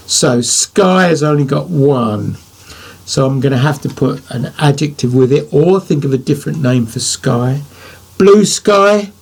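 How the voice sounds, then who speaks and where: A man's voice: medium pitch, a little mellow, breathy edge. An older man, a poet, giving a writing lesson to children, thinking aloud as he drafts and praising imagined answers.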